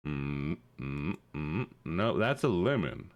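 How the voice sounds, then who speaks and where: A man's voice: a bass voice, big pitch swings, takes it slowly, no room sound, highs cut off. A man streaming live, playfully greeting his chat one by one with sing-song hellos. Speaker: livestreamer. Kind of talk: casual livestream chat.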